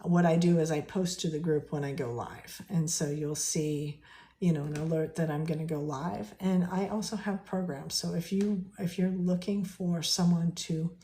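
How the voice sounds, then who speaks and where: A woman's voice: low-pitched, fairly even intonation, moderate pace, dark tone. A woman, an English professor giving a chatty live-streamed lesson from her home kitchen, often asking viewers questions. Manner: chatty, asks viewers questions, many fillers and restarts. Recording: echoey kitchen.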